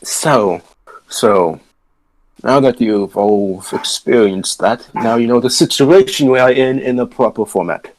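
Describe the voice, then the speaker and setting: A man's voice: medium pitch, unhurried, a little hiss or hum. A man running a tabletop game as game master over an online voice call, setting scenes and asking the players questions. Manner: explains calmly, sets scenes, asks players questions.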